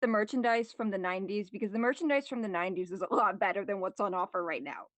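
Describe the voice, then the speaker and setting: A woman's voice: mid-range voice, fast talker, fairly bright tone, no echo. A woman on a voice chat making a frank, playful request as a community moderator. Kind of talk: casual chat.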